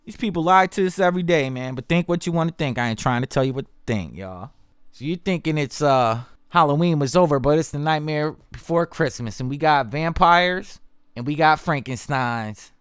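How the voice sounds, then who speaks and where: Guy ranting on his podcast, slangy and riffing, says y'all a lot, smooth voice, dead dry mic. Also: a little high, animated, moderate pace, a bit bright, dry recording. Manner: loose, slangy, addresses listeners as "y'all"; repetitive riffs, mocking. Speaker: podcast host. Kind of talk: casual political monologue.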